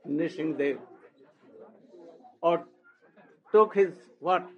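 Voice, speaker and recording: A man, telling a sacred story as a sermon in a halting, exclamatory way, often breaking in with "oh". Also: on the high side, a little hiss or hum. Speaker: spiritual teacher. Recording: dull lo-fi recording.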